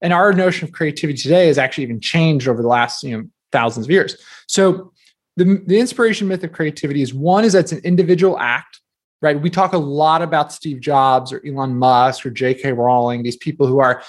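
A man in his thirties from New Jersey, a guest author chatting casually in an interview, peppering his talk with fillers. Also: a little high. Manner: chatty, quick, filler-heavy with many "like"s.

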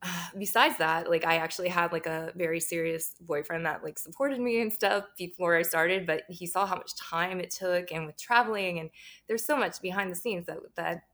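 A woman's voice: fairly low pitch, moderate pace, a bit bright. A woman talking candidly as an interview guest, laughing often and swearing freely. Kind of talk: casual interview chat.

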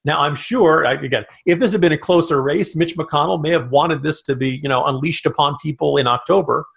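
A man co-hosting a political podcast, chatting animatedly in quick bursts with asides. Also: fairly high pitch, gravelly, fairly bright tone. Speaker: podcast co-host. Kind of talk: political commentary chat.

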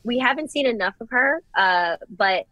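A young woman co-hosting a casual podcast chat, gushing and animated as she gives her opinions. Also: a little high, moderate pace, no room sound, muffled recording. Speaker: podcast co-host.

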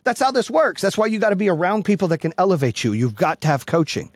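A man hosting a podcast who gives a loud, blunt, profane motivational speech, yelling to fire up his listeners. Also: sits high, expressive, fast talker, no room sound. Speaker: podcast host and business coach.

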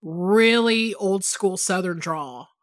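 A woman co-hosting a podcast in casual, animated chat, swearing freely and often restarting her sentences. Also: medium pitch, takes it slowly, no room sound, clean studio sound. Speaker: podcast co-host.

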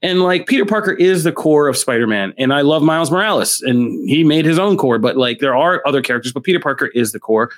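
A man's voice: on the high side, animated, fast talker, hardly any pauses. A man co-hosting a podcast, giving blunt, opinionated takes in casual comics chat. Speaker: podcast co-host.

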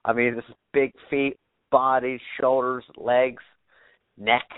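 A man's voice: mid-range voice, level tone, slow pace, clear, resonant tone. A man telling a story as a podcast guest, rambling, with many fillers and casual swearing. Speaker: podcast guest, bow hunter. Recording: tinny phone-like remote line.

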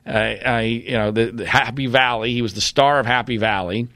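A man's voice: mid-range voice, fairly even intonation, normal speed, sharp tone, no room sound. A man giving an emphatic, combative monologue with blunt opinions. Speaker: commentator.

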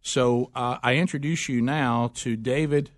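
A man's voice: mid-range voice, fairly even intonation, measured pace, no echo, studio quality. A man with a Southern US accent hosting a casual chat, telling stories in a rambling, folksy way and laughing often. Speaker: host.

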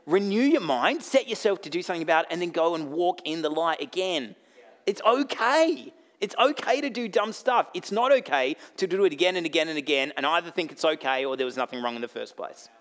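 A man with an Australian accent preaching a sermon as pastor, blunt and jokey, swinging between loud bursts and quiet asides. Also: a little high, animated, fairly quick.

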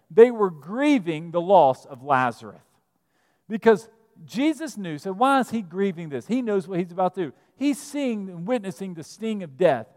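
A man preaching a sermon as pastor, reading scripture and explaining it, swinging between hushed asides and emphatic lines. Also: high voice, big-room sound. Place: church sanctuary.

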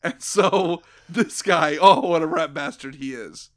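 Podcast co-host, man, sarcastic and crude, slightly higher voice, jokey recap delivery. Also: a little slow. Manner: sarcastic, profane, acts out quotes in jokey voices. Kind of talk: casual comedic recap chat.

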